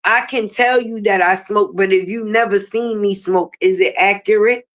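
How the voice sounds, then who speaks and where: A woman's voice: medium pitch, fairly even intonation, normal speed. Sick, chatty woman streaming live. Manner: chatty, talks straight to viewers, swears freely. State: sick, coughing and sniffly. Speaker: livestream host. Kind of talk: casual livestream chat.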